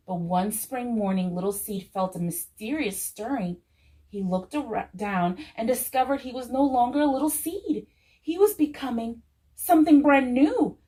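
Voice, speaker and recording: In church, a woman with a mid-range voice reads a children's story aloud, gentle and expressive, coming back again and again to a soothing refrain. The audio quality is poor.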